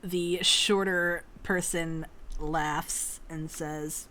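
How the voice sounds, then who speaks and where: A woman narrating as game master of a tabletop game, halting with fillers and often laughing. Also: low voice, steady tone, bright, forceful tone, a little hiss or hum.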